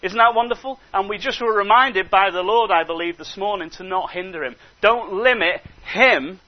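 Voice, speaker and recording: A man preaching a sermon, animated, moving between hushed asides and emphatic exhortation. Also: high-pitched, moderate pace. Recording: dull lo-fi recording.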